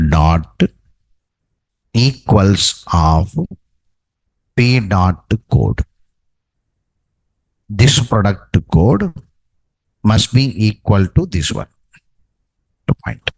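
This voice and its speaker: A man's voice: lowish voice, vocal fry, no room sound, poor audio. A man teaching a programming class, dictating code and checking in with "no?" and "okay, right". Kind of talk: live coding lesson.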